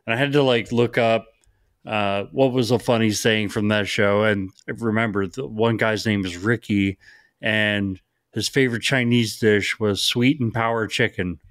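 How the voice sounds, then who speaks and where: A man's voice: lowish voice, fairly even intonation, moderate pace, a bit bright, no echo. A man co-hosting a podcast, joking in a dry way. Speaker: podcast co-host. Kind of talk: casual podcast chat.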